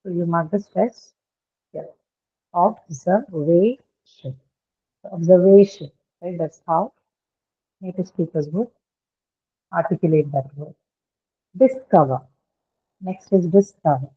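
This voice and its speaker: A woman's voice: fairly low pitch, a little slow, pauses often, slightly rough. A woman teaching a lesson on word stress, explaining step by step and often checking with "right?". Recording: thin phone-like line.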